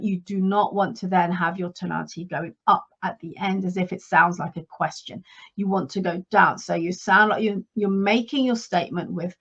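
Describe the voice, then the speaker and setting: A woman coaching her listeners in a solo podcast talk, instructive and steady, stressing key points by repeating them. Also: medium pitch, muffled recording. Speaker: leadership and career coach.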